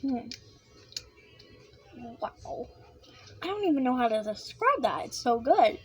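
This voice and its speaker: A woman vlogging a casual snack taste-test, excitable and giggly, chatting while she eats with her mouth full. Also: sits high, slow, breathy edge, faint music behind.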